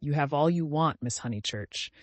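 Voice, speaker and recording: A man doing a gentle, grieving old man. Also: a little high, normal speed, no room sound, close to an everyday voice.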